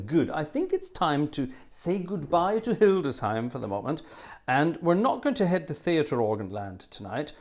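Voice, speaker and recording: A middle-aged man chats casually to his live-stream viewers between pieces. He rambles from story to story with jokey asides, in a medium-pitched voice. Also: darkish tone. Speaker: organist and livestream host.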